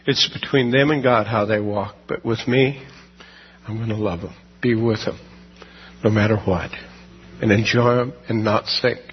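A man, the pastor, closing a church service with a folksy, earnest sermon and prayer, slowing down to stress his points. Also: lowish voice, big-room sound, muffled recording, a little hiss or hum. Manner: earnest, folksy, slows down for emphasis.

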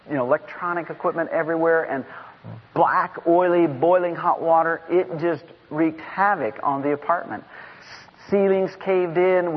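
A middle-aged man giving an impassioned sermon as a guest preacher in a church, at times rising to shouts. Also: a little high. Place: church sanctuary. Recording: dull lo-fi sound in a reverberant hall.

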